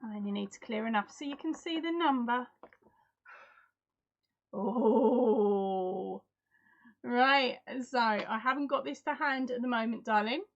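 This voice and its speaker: A woman's voice: on the high side, takes it slowly, long pauses, highs cut off. A woman from Essex with an Essex accent, chatting casually with viewers by name during a live-stream giveaway, self-deprecating and friendly. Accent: Essex English. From Essex, England. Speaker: crochet channel host.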